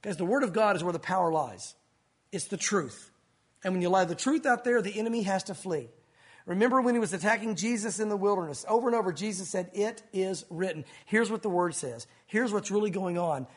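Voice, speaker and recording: A man preaching a sermon in an animated way, acting out scenes and speaking directly to his congregation. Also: high-pitched, brisk, slightly rough. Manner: animated, acts out bible scenes with sound effects. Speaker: pastor.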